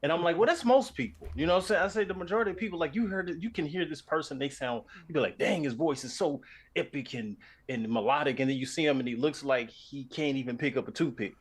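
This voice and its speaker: A man from Louisiana, a voice actor, chatting on a stream in an articulate, animated way. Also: a little high, fast, breathy edge. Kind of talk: casual chat on a stream.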